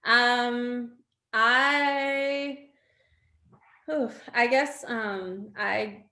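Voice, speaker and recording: A woman's voice: on the high side, very slow, roomy sound. A young adult woman, a guest on an interview show, telling stories casually with many fillers and frequent laughs. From Australia. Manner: animated, laughing often, lots of fillers. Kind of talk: casual storytelling conversation.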